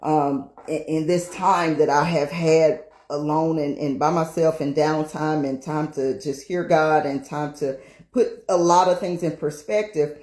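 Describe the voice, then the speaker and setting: A woman's voice: deep voice, steady tone, unhurried, darkish tone. Woman preaching in a roomy echo. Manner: emphatic repetition, asks "right?" often. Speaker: minister. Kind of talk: testimony-style preaching.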